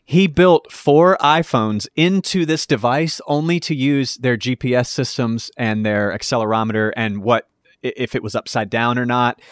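A man's voice: mid-range voice, normal speed, clean tone, dry recording. A man co-hosting a podcast, rambling enthusiastically through a story in casual chat. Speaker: podcast co-host.

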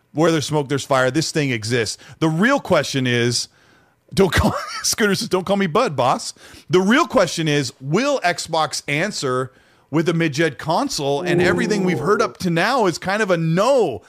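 A man co-hosting a casual gaming podcast, reading out chat messages in an animated, easygoing way. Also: a little high, normal speed, no echo, clean studio sound. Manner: animated, reads out chat messages, laughs easily. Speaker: podcast co-host.

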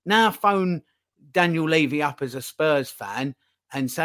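Animated man chatting on a podcast. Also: a little high, measured pace. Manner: animated, acts out phone calls in put-on voices. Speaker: podcast guest. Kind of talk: casual podcast chat.

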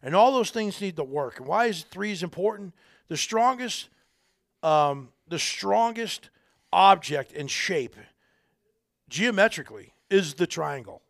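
A middle-aged army veteran speaking as a podcast guest, earnest, rambling and folksy, with a gravelly voice. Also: male voice, on the high side, animated, unhurried, fairly bright tone, dry recording, clean studio sound. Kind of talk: casual interview talk.

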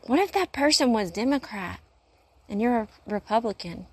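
A woman's voice: a little high, expressive, moderate pace, breathy edge, dry recording. A woman who works in urgent care, talking in a casual faith-based monologue, earnest and rambling with a preachy streak, pacing as she talks. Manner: paces while talking.

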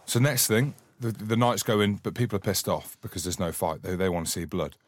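A Scottish man co-hosting a podcast, swearing freely while telling a lively anecdote. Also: lowish voice, fairly quick. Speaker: podcast co-host, former rugby player. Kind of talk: casual storytelling chat.

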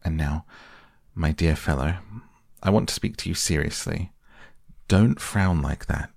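A man reading a grave, deep-voiced painter. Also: unhurried, creaky, a little mellow, no echo, clean studio sound, exaggerated voice. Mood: grave earnest. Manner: earnest, pleading. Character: grave earnest male gentleman painter. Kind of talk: soft bedtime audiobook reading.

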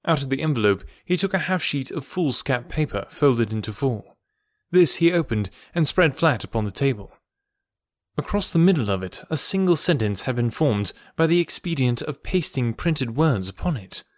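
A man giving a steady, scripted narration of a classic detective story. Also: medium pitch, moderate pace, no room sound, clean studio sound. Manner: steady, even storytelling delivery. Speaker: audiobook reader.

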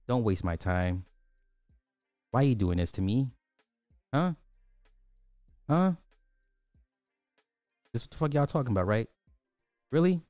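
A man's voice: on the low side, mellow, clean tone, no room sound. A man giving casual commentary, ranting crudely and repeating himself in disbelief. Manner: crude, repetitive, incredulous ranting. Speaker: online commentator.

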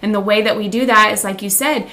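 A woman's voice: mid-range voice, fairly even intonation, fast, bright, forceful tone. A woman, a mother, co-hosting a faith podcast, talking in an upbeat, direct way. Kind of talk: faith-based casual chat.

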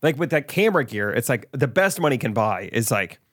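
Fast-talking man, dry close mic. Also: mid-range voice, big pitch swings, fairly bright tone, no echo. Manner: quick, curious, asks follow-up questions. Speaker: podcast co-host. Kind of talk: casual chat.

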